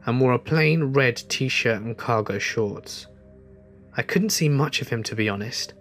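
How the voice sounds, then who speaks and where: A man reading a first-person horror story in a measured, tense way. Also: medium pitch, a bit bright. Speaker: narrator. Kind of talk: scripted horror story narration.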